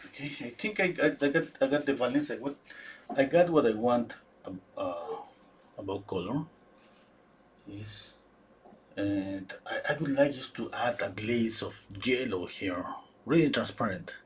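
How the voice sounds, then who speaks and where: A man giving a live painting demonstration, thinking aloud in a halting way with frequent restarts. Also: medium pitch, lively intonation, breathy edge. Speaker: painting instructor.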